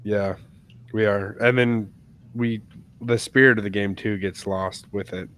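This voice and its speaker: A man's voice: fairly low pitch, steady tone, measured pace, a bit bright, smooth. A man co-hosting a live hobby gaming show, chatting casually and restarting his sentences. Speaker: podcast co-host. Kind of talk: casual live-stream chat.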